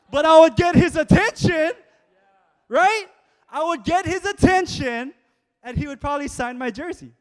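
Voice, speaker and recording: A man preaching a sermon to a congregation, calling out to them and building to loud exhortations. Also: very high-pitched, moderate pace, in a large hall. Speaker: pastor.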